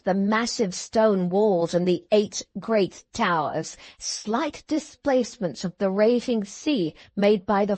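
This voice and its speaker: A female audiobook narrator with a fairly high voice, reading at a slow, deliberate pace. The sound is close and dry, with no room around it. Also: no echo. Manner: steady, measured storytelling. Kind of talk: scripted narration.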